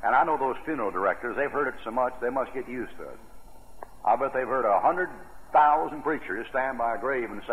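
A man's voice: medium pitch, expressive, brisk. A man preaching a sermon in a folksy, emphatic way. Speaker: pastor. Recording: tinny, echoey old radio broadcast.

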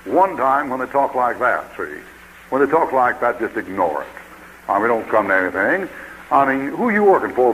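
A man's voice: medium pitch, bright, forceful tone, a little hiss or hum, poor audio. A man preaching a sermon in a folksy, joking way, acting out what people say.

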